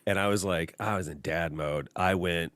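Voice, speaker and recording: A man's voice: sits low, normal speed, clean tone, no room sound. A man hosting a podcast, chatting casually and acting out the voices in his stories. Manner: animated storyteller, acts out quotes. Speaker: podcast host. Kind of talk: casual chat.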